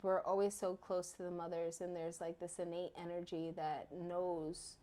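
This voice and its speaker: A woman's voice: fairly low pitch, moderate pace. Chatty mother on a podcast. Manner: animated storyteller, acts out her kids' voices. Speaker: podcast co-host. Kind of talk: casual chat.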